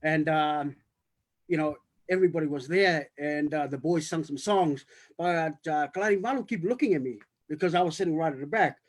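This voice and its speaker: A man telling a rambling story on a video call, full of fillers and restarts. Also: fairly high pitch. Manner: halting, many restarts and fillers. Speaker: writer-director on a cast panel.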